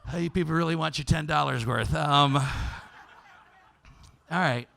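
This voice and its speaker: A male podcast host telling a comic story live on stage, swinging from loud shouts to hushed asides. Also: a little high, measured pace, gravelly. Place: live stage before an audience.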